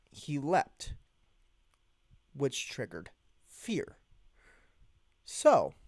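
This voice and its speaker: A young man casually telling a story from his own life, halting and restarting, acting out his reactions along the way. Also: mid-range voice, no room sound. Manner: animated, halting, with many restarts and acted-out reactions.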